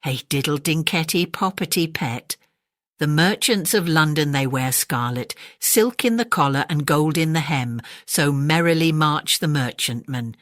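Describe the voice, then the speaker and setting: A woman voicing a chorus of tiny cheeky mice tailors in a high, twittering sing-song for a storybook reading. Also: unhurried, fairly bright tone, dry recording, studio quality. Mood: singsong.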